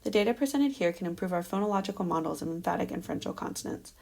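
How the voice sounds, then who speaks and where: A woman presents her dissertation research in a steady, explanatory academic manner. Her voice sits a little low and carries a gravelly fry. She talks through her slides with the occasional um. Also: very fast. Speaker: doctoral candidate presenting a dissertation defense.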